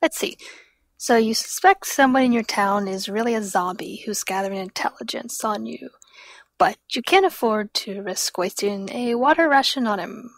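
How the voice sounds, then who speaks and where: A woman hosts a tongue-in-cheek advice call-in. She is flirty and teasing, and her voice sits a bit high. The sound is dry and close. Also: normal speed, dry recording. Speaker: advice segment host.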